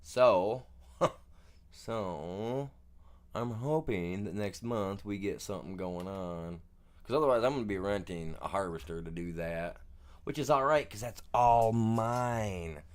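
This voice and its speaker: Male streamer with a lowish voice, loose and joking, talking to viewers through gameplay. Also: expressive, a little slow. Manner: rambling and jokey, says "man" constantly. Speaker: game streamer. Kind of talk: casual gameplay commentary.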